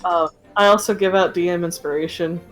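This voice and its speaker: A woman's voice: fairly low pitch, steady tone, a little fast, faint music behind, rough recording. Giggly young woman game master. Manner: casual, giggly, many fillers. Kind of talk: narrating a tabletop game.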